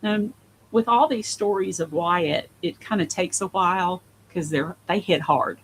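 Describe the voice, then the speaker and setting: A woman's voice: fairly low pitch, unhurried, a little hiss or hum, low-quality recording. Earnest woman guest telling a story. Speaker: podcast guest. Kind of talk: casual conversation.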